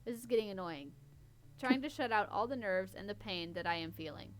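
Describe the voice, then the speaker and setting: A podcast host reads a story aloud in a loose, casual way, her medium-pitched voice animated and fairly quick. She keeps breaking off to mock the writing with wry running commentary.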